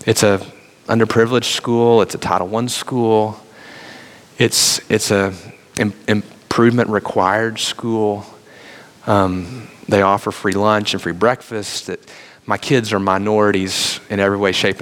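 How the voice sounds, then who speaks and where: A man's voice: fairly low pitch, steady tone, a little slow, fairly bright tone. A man, a minister preaching a sermon and telling stories from his neighborhood life. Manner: storytelling, quotes others in conversation.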